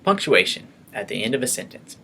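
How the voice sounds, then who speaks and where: A man's voice: mid-range voice, sing-song, fairly quick, vocal fry, pushed and bright, slight background noise. A man teaching a grammar lesson, explaining each step patiently, often checking in with "okay" and repeating himself. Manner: patient, explaining step by step, frequent okays and restarts.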